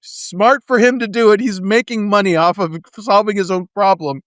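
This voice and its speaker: A man's voice: high voice, fairly even intonation, moderate pace, fairly bright tone, no echo, clean studio sound. A man co-hosting a casual movie podcast, laughing often and making jokey asides. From Canada. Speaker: podcast co-host.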